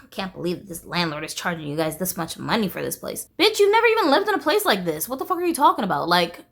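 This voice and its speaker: A woman's voice: fairly high pitch, fairly bright tone. A woman vlogger venting in a casual monologue, blunt, profane and exasperated.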